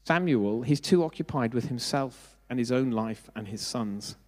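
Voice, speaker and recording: A middle-aged man delivers a sermon in a relaxed, conversational way. He mixes in self-deprecating asides and asks the congregation questions. His voice sits at an ordinary pitch and carries a long reverb from the hall. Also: moderate pace. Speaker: preacher.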